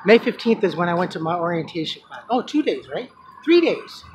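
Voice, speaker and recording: A man's voice: high voice, animated, quick pace. Emotional rambling man vlogging by traffic. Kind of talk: casual personal vlog.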